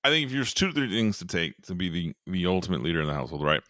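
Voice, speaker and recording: A man's voice: sits low, big pitch swings, rapid-fire, bright, forceful tone, dry recording, studio quality. A middle-aged man, a podcast guest, earnestly telling a personal story and repeating words as he thinks. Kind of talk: candid storytelling.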